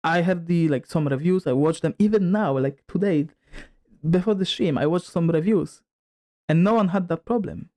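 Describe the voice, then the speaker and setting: A man's voice: a little high, moderate pace, dark tone. Guy streaming from home, rambly and full of "like", leaning in and out from his desk mic. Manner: rambling, filler-heavy, moves toward and away from the mic. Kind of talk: casual stream chat testing a mic. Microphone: desk microphone, distance shifting.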